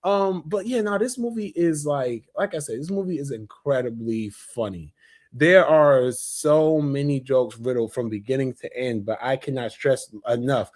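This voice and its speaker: A young man talks casually and eagerly about a film he loves. His voice sits somewhat high for a man. He rambles with fillers and restarts in an easy, conversational way. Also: lively intonation, moderate pace. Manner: chatty and enthusiastic, many fillers and restarts. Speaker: movie reviewer. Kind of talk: casual spoken review.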